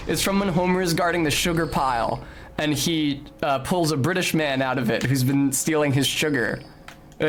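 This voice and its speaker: A man's voice: a little high, slight background noise. A young man giving casual, articulate commentary while playing a video game, with a slightly academic-sounding manner and bursts of swearing and yelps. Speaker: streamer.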